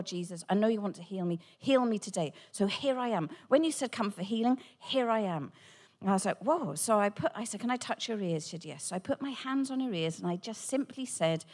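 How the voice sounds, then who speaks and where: A woman, a Christian speaker, telling a personal testimony with animated storytelling and acted-out dialogue. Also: fairly high pitch. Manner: animated, acts out quoted dialogue.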